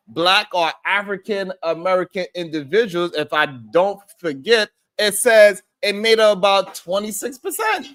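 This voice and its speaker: A man with a somewhat higher voice hosts a casual live stream. He greets chat viewers by name as he goes and argues his point in a loose, repetitive, conversational way. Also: a bit bright. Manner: conversational, repeats himself as he rambles.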